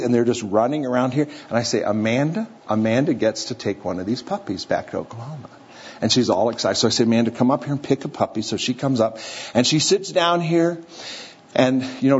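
A husky, mid-range male voice delivers a sermon to a live congregation, bringing a story alive with playful character voices. The setting is a church or hall with an audience, and the slightly dull recording carries faint room noise.

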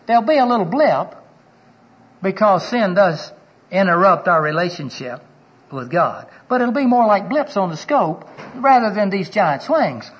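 A man's voice: high-pitched, sing-song, measured pace. A middle-aged man preaching a sermon, telling personal stories earnestly and quoting people aloud. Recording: dull lo-fi recording.

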